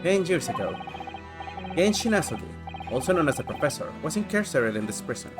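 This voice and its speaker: A woman streamer chatting her way through a story game with a lowish voice. Her intonation swoops widely as she reacts and thinks aloud. Faint game music plays under her commentary. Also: a little fast. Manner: chatty, expressive, talks to herself and chat. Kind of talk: casual game playthrough commentary.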